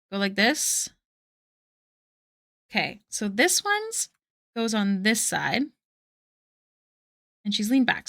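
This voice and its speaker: A woman's voice: mid-range voice, creaky, a bit bright, dry recording, studio quality. A young woman chatting casually on a live art stream, bubbly and self-deprecating, gushing over fan art. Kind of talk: casual live-stream chat while drawing.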